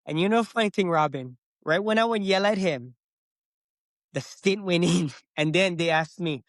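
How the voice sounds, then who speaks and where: A man's voice: high-pitched, moderate pace, dry recording. A middle-aged man telling his own story on a podcast, acting out what he said at the time. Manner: animated, acts out his own past words. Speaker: podcast guest. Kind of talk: casual storytelling.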